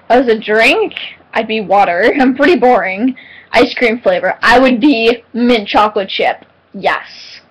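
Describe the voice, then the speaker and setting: A teenage girl answering viewer questions in a casual vlog, chatty and giggly with lots of ums and excitable retellings. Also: on the high side, a little slow, slightly rough, rough recording. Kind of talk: casual chat.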